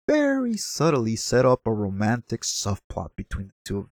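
Male vlogger reviewing a film, mid-pitched, conversational, a few verbal stumbles. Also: huge pitch swings, normal speed, a little mellow, dry recording, clean studio sound. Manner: chatty, apologetic asides, stumbles over words. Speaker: movie reviewer. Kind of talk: casual movie review commentary.

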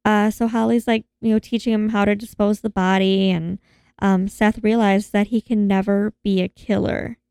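A woman's voice: mid-range voice, flat delivery, moderate pace, gravelly, darkish tone, clear, resonant tone, no echo, studio quality. A woman in casual chat, recapping a film and animatedly acting out the characters' lines in voices. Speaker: podcast co-host recapping a film.

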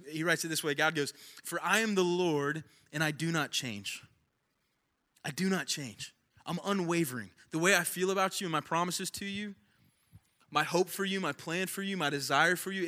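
A man's voice: on the high side, pushed and bright. A young man preaching a sermon in a casual, conversational way, repeating phrases for emphasis. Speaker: pastor.

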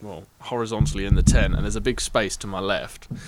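A man's voice: on the low side, quick pace, very noisy. A man telling a festival story in casual chat, acting out the voices of the people in it and laughing often.

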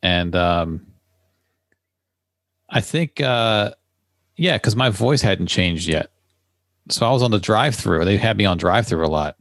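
Co-host, man, low-leaning voice, rambling and easygoing, dry close recording. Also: expressive, vocal fry, fairly bright tone, dry recording. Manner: chatty, quick to laugh, rambling. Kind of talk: casual chat.

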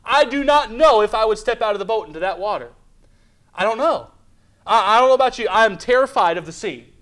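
A man's voice: high voice, expressive, fairly quick, fairly bright tone. A man pastor preaching a midweek Bible study sermon, reading scripture aloud, asking the congregation questions and acting out little scenes, with frequent restarts. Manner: preaching with rhetorical questions and dramatized asides. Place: church.

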